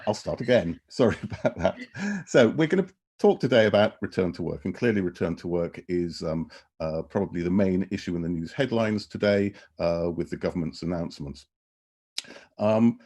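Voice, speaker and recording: A man who is a professor, giving an online presentation over a video call in a halting way with many filler sounds, leaning on key words for stress. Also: on the low side, a little mellow, slightly rough.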